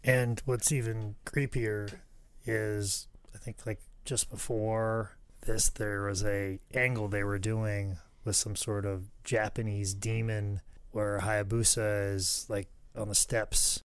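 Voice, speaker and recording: Low-voiced, earnest male podcast co-host. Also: little pitch movement, slow, smooth, no room sound. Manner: reflective, earnest, with filler "like". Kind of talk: casual podcast chat.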